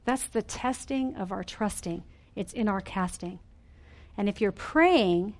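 Earnest woman preaching, slightly high voice. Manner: earnest, emphatic preaching with rhetorical questions. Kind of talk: sermon.

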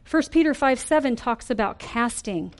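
Woman Bible teacher, earnest sermon delivery, a bit high-pitched, leans on key phrases. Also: animated, normal speed. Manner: earnest, emphatic preaching with rhetorical questions.

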